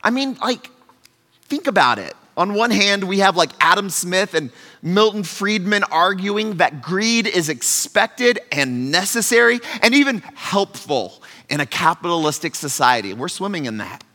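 A man preaching a sermon as pastor, conversational and earnest, swinging from loud emphasis to quiet asides. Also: high-pitched, sing-song, a little slow. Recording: long hall reverb.

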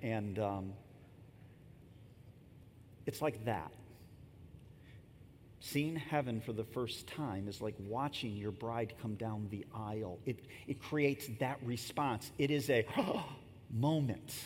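A man's voice: unhurried, pauses often. A pastor in his fifties giving a sermon in a conversational, storytelling way, with casual asides to the congregation. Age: 50s. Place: church sanctuary. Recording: long reverb and faint rumble in a large hall.

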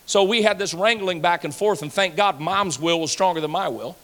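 High bright-voiced preaching pastor man. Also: a little fast, in a large hall. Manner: conversational storytelling preacher, acts out dialogue, repeats words. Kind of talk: sermon.

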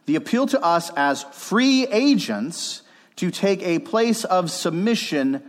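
A man's voice: medium pitch, long reverb tail. A man preaching a sermon as pastor, earnest and emphatic, repeating key phrases to drive them home. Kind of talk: expository sermon.

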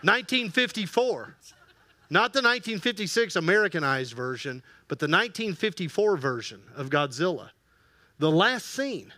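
A man preaches with a high, bright voice and lively energy. He keeps drawing the congregation in and has them repeat lines back to him. The sound is roomy and echoing, with a faint hiss underneath. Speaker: pastor. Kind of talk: sermon. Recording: echoey room with faint ambient noise.

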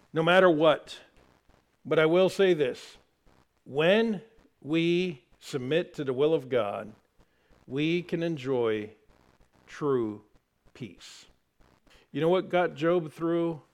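A male pastor delivering a sermon in a church, his voice set in an ordinary middle pitch. He preaches earnestly, swinging from raised questions down to quiet, low emphasis. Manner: preaches with sudden drops to soft low emphasis.

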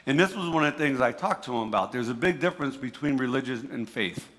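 Brief: man with a New Jersey accent, mid-pitched, preaching in a reverberant hall, casual and repetitive. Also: animated, fast talker, a bit bright. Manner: conversational, repeats himself, restarts words. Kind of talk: sermon.

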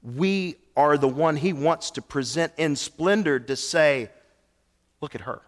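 A man preaching a sermon as pastor, telling stories and moving between hushed lines and animated ones. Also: a little high, measured pace. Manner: storytelling, swings from hushed to animated. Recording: long hall reverb.

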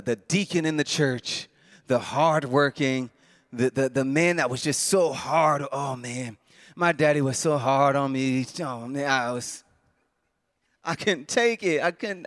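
A man preaching a sermon, heartfelt and emotional, often restarting his phrases and chuckling, moving between soft, low passages and louder bursts. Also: no echo, clean studio sound.

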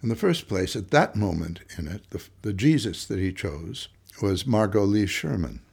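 A man who teaches theater remembering old productions in an interview, talking slowly and reflectively with halting fillers. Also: on the low side, very animated, gravelly, a little mellow, husky. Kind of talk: interview reminiscence.

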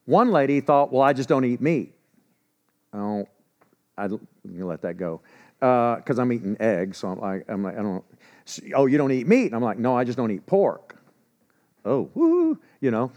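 A man preaching a sermon in an animated way, with sarcastic humor and quiet asides when telling stories. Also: medium pitch, moderate pace. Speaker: pastor.

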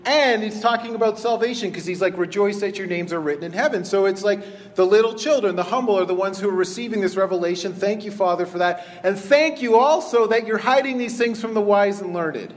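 High-voiced man preaching in a reverberant hall. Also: a little fast, hardly any pauses. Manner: animated, conversational, acts out voices in retellings. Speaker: pastor. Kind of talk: sermon.

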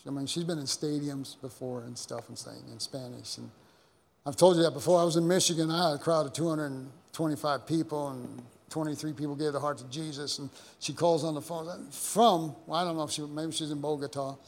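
A man's voice: fairly high pitch, steady tone, brisk, gravelly. A man preaching a sermon as pastor, telling stories in a rambling way with many repeated words and restarts. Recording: long hall reverb.

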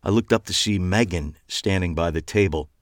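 A man's voice: low voice, moderate pace, no room sound. A man reading a first-person novel aloud with dry, wry storytelling. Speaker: audiobook narrator. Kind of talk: first-person scripted narration.

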